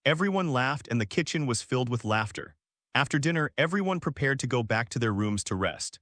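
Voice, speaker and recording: A man reads a fan-fiction story in a steady, even storytelling manner. His voice sits in the middle range. The sound is dry and close. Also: medium pitch, a little fast, no room sound. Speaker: narrator. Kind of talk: reading fan fiction aloud.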